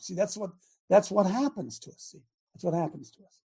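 An older man preaches with fervor and folksy plainness, hammering points by repetition. His voice is gravelly and dark, with a husky grain that roughens his louder pleas. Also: high voice, expressive, a little fast. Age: 60s. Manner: impassioned, folksy, repeats for emphasis. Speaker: preacher and show host. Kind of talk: sermon.

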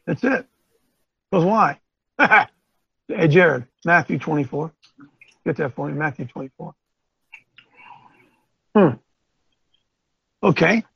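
A man hosting a Bible teaching show, preaching informally to camera in an animated, rambling way with folksy asides. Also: on the high side, slow pace, gravelly, pauses often, slightly rough, no echo, dull audio. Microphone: on camera, wearing glasses.

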